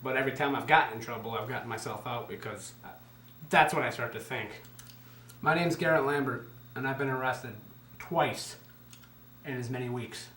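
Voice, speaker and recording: A man's voice: medium pitch, moderate pace, pauses often, slight background noise. A man in his twenties telling a story casually and with a lot of swearing, acting out what other people said. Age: 20s. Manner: animated, profane, acts out other people's lines. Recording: echoey room.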